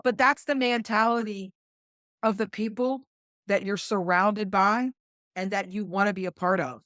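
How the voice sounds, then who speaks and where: A middle-aged woman with a West Virginia accent, a combat flight nurse telling a story as a podcast guest, animated and acting out what others said. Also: mid-range voice, normal speed, no echo, studio quality. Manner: animated, quotes others in lively voices. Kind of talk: conversational storytelling.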